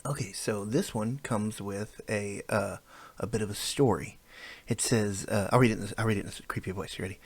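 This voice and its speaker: A man's voice: on the low side, steady tone, brisk, breathy edge. A man giving rambling, self-deprecating reaction commentary on videos, often restarting his sentences, recorded on a new microphone. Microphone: new studio microphone.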